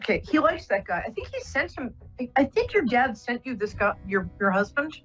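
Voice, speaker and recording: A woman hosting a live call-in psychic radio show, reassuring the caller gently and rambling with many fillers. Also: a little high, big pitch swings, a little fast, husky, faint music behind. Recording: muffled lo-fi broadcast audio.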